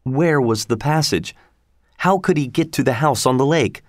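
A man narrating a storybook in a steady, measured reading. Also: medium pitch, no room sound, studio quality.

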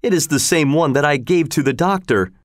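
A man's voice: mid-range voice, expressive, measured pace, no echo, studio quality, natural voice. A man voicing an earnest young nobleman and devoted husband in a storybook reading, with a pleading, heartfelt delivery. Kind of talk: storybook read-aloud.

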